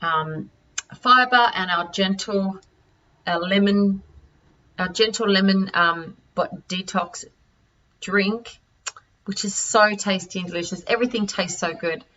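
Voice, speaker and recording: An Australian woman presenting health products over a call, halting with many fillers and restarts. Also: medium pitch, bright, forceful tone. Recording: distant, dull-sounding audio.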